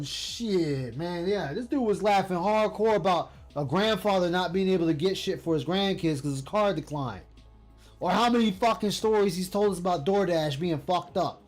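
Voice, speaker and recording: A commentary streamer delivering an angry, profane reaction rant, berating and scornful. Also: mid-range voice.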